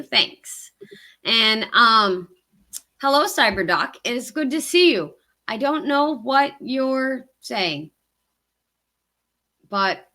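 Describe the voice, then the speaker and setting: A woman's voice: on the high side, bright, forceful tone. A woman with a Southern US accent co-hosting a hiking livestream, chatting casually and rambling with many ums. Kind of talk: casual live-stream chat.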